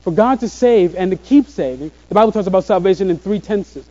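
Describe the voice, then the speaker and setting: A man preaching a sermon to a room of listeners, earnest and slowing down on key phrases. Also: high voice, expressive, mellow, muffled recording. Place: room with a congregation.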